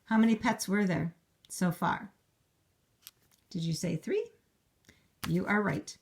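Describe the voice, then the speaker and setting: A woman teacher reading a storybook aloud to young children, slow, clear and encouraging. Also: lowish voice, slight background noise.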